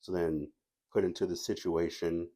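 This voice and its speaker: A man's voice: low-pitched, level tone, normal speed, mellow. A man casually telling a personal story as a movie reviewer, rambling with restarts and asides.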